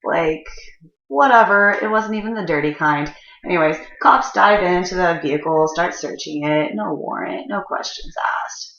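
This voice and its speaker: Woman storyteller, casual and foul-mouthed, rambling; low voice with a tense edge, slightly muffled roomy recording. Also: normal speed, fairly bright tone. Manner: profane, rambling, frequent fillers.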